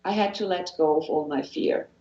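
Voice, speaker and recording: A woman's voice: low voice, moderate pace, dark tone, reverberant, lo-fi sound. A woman from Switzerland with a Swiss accent, a guest hypnotherapist talking earnestly in an interview and often repeating phrases and restarting sentences. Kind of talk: motivational interview talk.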